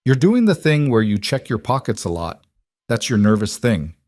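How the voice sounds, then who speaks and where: A man voicing a bright six-year-old girl who talks in a matter-of-fact, earnest way. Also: mid-range voice, very animated, moderate pace, no room sound, studio quality, natural voice.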